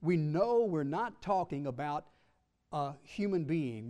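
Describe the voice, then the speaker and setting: Male preacher, sermon, slightly high voice, emphatic, drawn-out stresses, loud-to-soft swings. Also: animated. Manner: teasing asides with the congregation.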